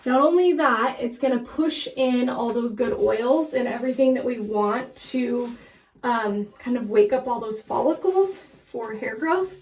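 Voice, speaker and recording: A woman's voice: fairly high pitch, measured pace, a little mellow, distant mic, low-quality recording. A woman giving a casual hair-washing how-to in her shower, chatty and instructive with frequent fillers, a little out of breath. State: slightly out of breath. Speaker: hair care vlogger. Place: bathroom shower. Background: running water.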